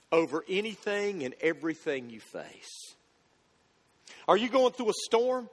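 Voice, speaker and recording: A high-pitched man delivers an earnest sermon as a pastor. He drops to a hush and rises again, repeating words as he restarts. His voice rings with the long reverb of a large hall. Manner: earnest, repeats words when restarting, swings from loud to hushed.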